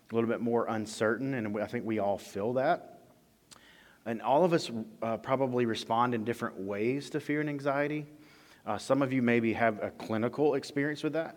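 A man preaching a sermon in a relaxed, conversational way, acting out bits of everyday dialogue. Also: medium pitch. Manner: conversational, with playful mock quotes of dialogue. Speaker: pastor. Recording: long reverb of a large hall.

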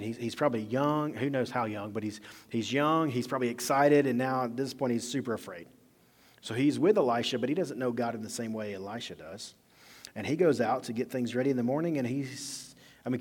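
A man delivers a sermon in an easy, chatty manner, often slipping into casual slang to act out the scene. His voice sits at an ordinary middle pitch. The sound carries the long reverb of a big hall. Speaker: pastor.

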